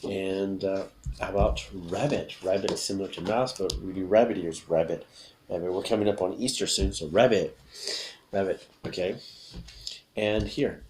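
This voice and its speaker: A man teaching English vocabulary with gestures in a video lesson, upbeat and repetitive, saying each word slowly several times. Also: sits low, darkish tone, a little hiss or hum.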